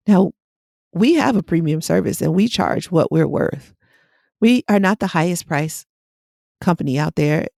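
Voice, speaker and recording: Blunt gravelly woman hypnotherapist. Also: fairly low pitch, mellow, no echo, clean studio sound. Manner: blunt and direct. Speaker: hypnotherapist and podcast host. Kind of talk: casual motivational monologue.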